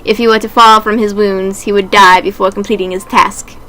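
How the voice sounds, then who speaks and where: A woman playing a smug, sinister doctor, soft and measured. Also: mid-range voice, little pitch movement, natural voice, low-quality recording. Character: smug, sinister male doctor bird, calm and cold.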